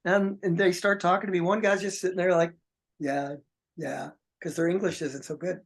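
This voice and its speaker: A man's voice: sits high, steady tone, fast. A man being interviewed as a guest musician, telling a long anecdote in a rambling way with many restarts. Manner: rambling, many restarts, acts out quoted voices. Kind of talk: casual storytelling.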